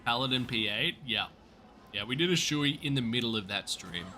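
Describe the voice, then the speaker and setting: A man with a mild Australian accent talks casually to his viewers during a gaming livestream. His voice is bright and forward, upbeat and jokey. A faint hiss of noise sits under the recording. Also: medium pitch, expressive, moderate pace. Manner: upbeat, jokey, chatting to viewers while playing. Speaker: streamer.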